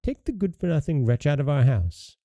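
A man's voice: a little high, sing-song, fairly quick, dark tone, no echo, studio quality. A man putting on an indignant sexton's wife. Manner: complaining, agitated.

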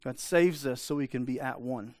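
A man's voice: mid-range voice, normal speed, a little mellow, no room sound. A man preaching a sermon in a conversational way, often asking the congregation for an amen. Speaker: pastor.

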